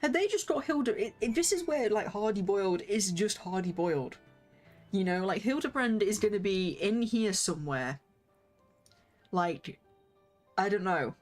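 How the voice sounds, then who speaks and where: A young woman chatting casually on a game livestream, excitable and quick to gasp and squeal. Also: medium pitch, faint music behind. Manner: excitable, jumps into squeals and gasps. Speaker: streamer.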